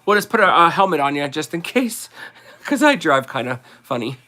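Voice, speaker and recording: Jersey-accented male livestream host, fairly high, bright tone, rambling and chatty. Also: sing-song, normal speed. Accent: New Jersey. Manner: rambling, chatty, laughs often. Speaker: livestream host selling collectibles. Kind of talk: casual livestream chat.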